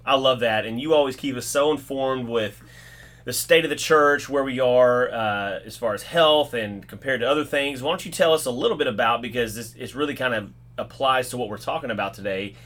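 Upbeat male host, joking and emphatic, casual church talk show, average pitch. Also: brisk, a bit bright. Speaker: podcast host for small group leaders. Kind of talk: casual church podcast chat.

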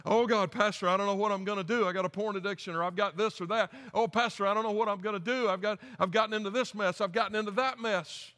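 A man's voice: high-pitched, fairly even intonation, fast talker, hardly any pauses, sharp tone, voice pushed up. A man voicing a panicked churchgoer who pleads with his pastor for help in a whiny, breathless rush. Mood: pleading, panicked. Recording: echoey church hall.

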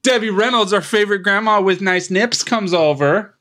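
A man's voice: high voice, moderate pace, bright, forceful tone. A man on a podcast casually recapping a movie, rambling and joking and acting out the characters' lines. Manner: rambling and jokey, with frequent restarts and playful quoted voices.

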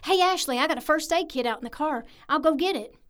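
A weary kitchen worker, played by a woman, with a high voice and a blunt, tired manner. She would rather be outside with a cigarette than stirring sauce. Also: animated, quick pace, a bit bright. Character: weary female cook, a smoker who wants a break.

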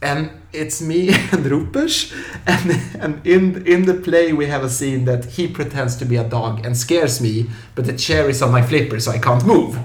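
A professional clown telling lively stories in an interview, acting out scenes with yelps and funny voices. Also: male voice, on the high side, normal speed. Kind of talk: animated storytelling in an interview. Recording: echoey room.

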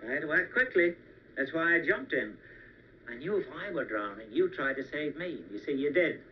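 An actor playing a kindly elderly angel. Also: male voice, a little high, animated, moderate pace, natural voice. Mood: gentle. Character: gentle elderly male angel, kindly and earnest. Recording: dull old film soundtrack with faint hiss.

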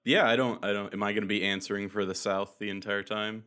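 Bright low-voiced wry man. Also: steady tone, fast. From South Carolina, US. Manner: wry, hesitant, self-correcting. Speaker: podcast co-host. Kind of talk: casual podcast chat.

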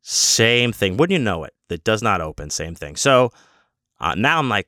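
A man's voice: on the low side, big pitch swings, moderate pace, pushed and bright, no room sound, studio quality. A man telling a rambling, profane story in a casual way, with many restarts. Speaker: convention guest.

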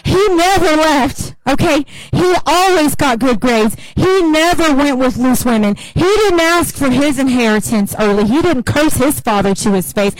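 A woman's voice: sits high, animated, normal speed, dry recording, rough recording. A woman pastor preaching a sermon in a casual, humorous storytelling way.

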